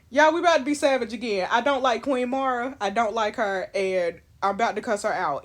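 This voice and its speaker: A woman reads a story game aloud and breaks in with sassy, outspoken commentary. Her voice is fairly high, and she talks straight to her viewers in a playthrough style. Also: fairly quick, hardly any pauses. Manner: sassy, outspoken, laughs often.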